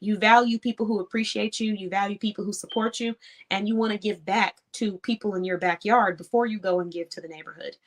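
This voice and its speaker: A woman hosts an online show, speaking a little fast in a mid-range voice with fairly even intonation. Her casual, conversational talk to small business owners is earnest and encouraging, and she laughs easily.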